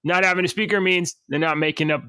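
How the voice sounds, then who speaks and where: Bright-voiced man chatting about news. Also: high-pitched, steady tone, fast talker, smooth, no room sound. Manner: joking, rambling with restarts. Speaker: podcast co-host. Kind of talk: casual news chat.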